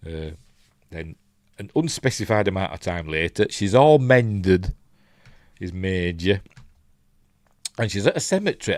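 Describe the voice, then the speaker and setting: A man's voice: low voice, sing-song, measured pace, pauses often, no echo, studio quality. A Yorkshire man hosting a casual live film breakdown. He rambles, thinks aloud and reads out viewer comments. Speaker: film reviewer host.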